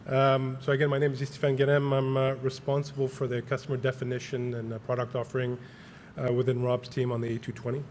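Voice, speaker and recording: A man reading a prepared award acceptance speech on behalf of a colleague, halting with many filler words. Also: medium pitch, completely flat delivery, a little mellow, a little hiss or hum. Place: large banquet hall.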